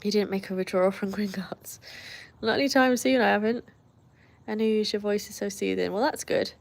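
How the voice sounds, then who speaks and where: A woman's voice: medium pitch, steady tone, normal speed, creaky. A British woman hosting a livestream, chatting casually and reading out viewer comments with frequent laughs. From Britain. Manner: chatty, laughs often, friendly asides. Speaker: livestream host.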